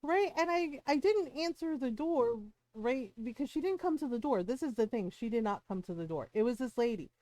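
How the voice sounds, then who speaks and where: Animated, profane woman streamer telling a story. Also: high voice, moderate pace, few pauses, no room sound. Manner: animated, profane, acts out what people said. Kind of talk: casual storytelling to a live stream.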